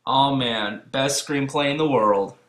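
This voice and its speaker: A young man giving comedic review commentary, sarcastic and profane, breaking into repeated yelled gags. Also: mid-range voice, measured pace. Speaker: video reviewer. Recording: roomy echo.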